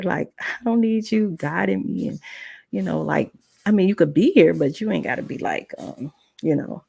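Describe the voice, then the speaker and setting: Low gravelly woman telling her story. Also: warm tone, no room sound, studio quality. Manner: conversational, acts out dialogue in voices. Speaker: podcast host. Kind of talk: personal storytelling.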